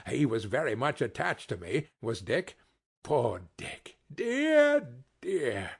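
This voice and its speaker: A man voicing old Scrooge in an audiobook, speaking higher and slower, with emotional exclamations. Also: big pitch swings, gravelly, husky, exaggerated voice. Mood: wistful. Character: old miser Scrooge, stirred and nostalgic.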